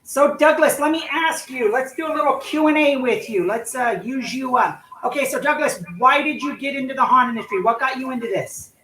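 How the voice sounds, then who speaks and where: Upbeat, chatty livestream host, bright and echoey. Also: high voice, brisk, few pauses, a little hiss or hum. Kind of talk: live-stream chat and interview. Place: home, in California. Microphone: computer mic without headset. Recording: echoey room.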